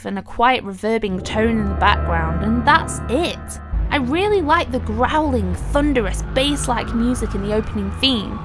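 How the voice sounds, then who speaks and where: A high-pitched woman delivering a ranting game review. She is sarcastic and exasperated, and swears freely, with faint music playing behind her. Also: expressive, moderate pace.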